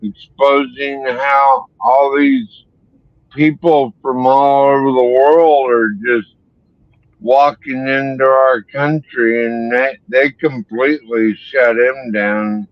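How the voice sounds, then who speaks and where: Guy hosting a live stream, slow easygoing talk, dry muffled mic. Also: medium pitch, no echo. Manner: chatty, laughs easily. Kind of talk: casual group chat.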